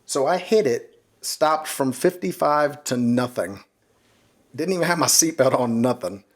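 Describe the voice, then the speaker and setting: A man on a casual podcast telling a wild personal story, animated and swearing freely, laughing at his own misfortune. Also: medium pitch, a little slow. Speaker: podcast co-host.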